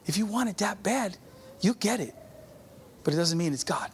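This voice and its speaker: A man's voice: sits high, animated, normal speed, slight background noise. A middle-aged man preaching a sermon, telling a personal testimony in a conversational way and calling out to the congregation. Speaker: pastor.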